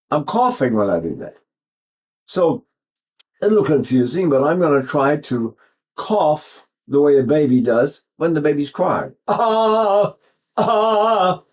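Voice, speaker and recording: An elderly man in his eighties talks through a singing lesson in a loose, wandering way. His speaking voice sits somewhat high for a man. He keeps circling back and pausing to show what he means with his own voice. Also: animated, a little mellow. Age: 80s. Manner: rambling, digressive, breaks off to demonstrate sounds. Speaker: voice teacher. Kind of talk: informal vocal lesson talk.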